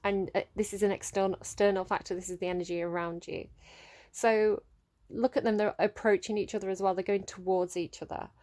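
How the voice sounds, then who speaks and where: A woman giving an emotive tarot reading, speaking gently and pausing to search for words. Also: medium pitch, flat delivery. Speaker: tarot reader.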